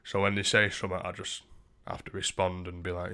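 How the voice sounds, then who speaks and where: A man's voice: sits low, monotone, fairly quick, sharp tone, clear, resonant tone. A young man livestreaming from a room at home, chatting casually with his viewers in a crude, rambling way and swearing a lot. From Britain.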